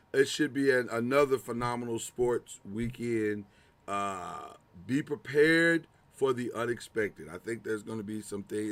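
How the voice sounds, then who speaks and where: This is a man co-hosting a sports talk podcast, chatting casually. His voice is bright and ringing. He gets animated, doubles back on words and laughs along. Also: medium pitch. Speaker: podcast co-host.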